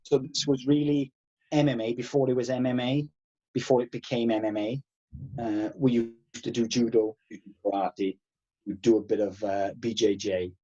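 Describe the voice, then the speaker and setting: A man in his thirties, a karate instructor guest, telling animated stories and swearing freely. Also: mid-range voice, moderate pace, lo-fi sound. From Wales. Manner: animated, swears freely, acts out past exchanges. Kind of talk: casual podcast storytelling.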